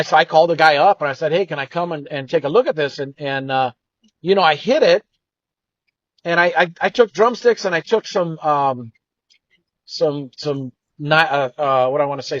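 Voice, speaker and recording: A man's voice: a little high, no room sound. A man co-hosting a show, earnestly telling a personal story in a reflective, meandering way. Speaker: co-host. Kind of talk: casual storytelling. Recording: dull, dry lo-fi sound.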